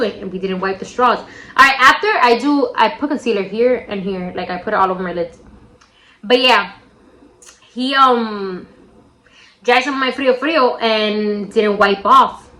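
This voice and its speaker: Her voice sits on the high side with a sharp tone. She's a young makeup vlogger recounting a childhood story in slangy, casual fashion mid-tutorial, shrieking whenever she quotes friends, in a recording with a roomy echo.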